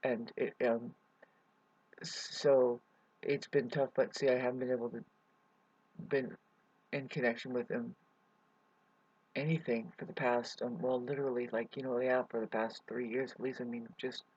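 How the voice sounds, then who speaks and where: A man's voice: medium pitch, little pitch movement, moderate pace, pauses often, a little mellow, husky, no room sound. A man rambling through a hesitant personal update to his viewers, full of fillers and restarts. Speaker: vlogger. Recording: dull lo-fi recording.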